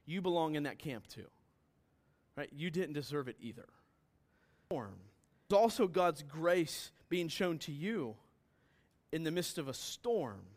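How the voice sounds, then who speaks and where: High-voiced preacher with loud bursts. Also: male voice. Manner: earnest, questioning, rises to loud emphatic bursts. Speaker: pastor. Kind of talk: sermon. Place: church hall with congregation.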